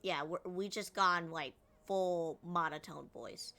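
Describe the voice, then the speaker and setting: A woman's voice: lowish voice, slow, creaky, hardly any pauses, bright, forceful tone. A woman streamer in casual game commentary, critiquing voice acting with lots of fillers.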